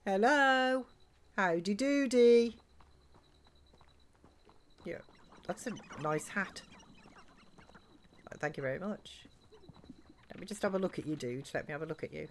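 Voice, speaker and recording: A woman's voice: low-pitched, moderate pace, pauses often, a little hiss or hum. Giggly woman streaming a game. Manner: chatty, giggly, reads chat aloud. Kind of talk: live let's-play chat.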